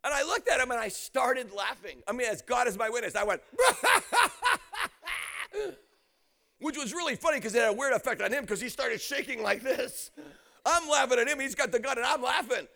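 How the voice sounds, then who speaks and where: A man preaching an energetic storytelling sermon, often shouting, acting out quotes and laughing. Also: very high voice, fast, gravelly.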